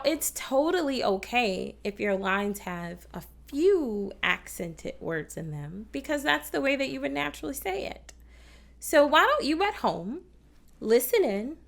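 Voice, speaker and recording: A woman teaching children about opera on a kids' TV show, patient and encouraging toward viewers at home. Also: a little high. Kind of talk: kids' TV music lesson.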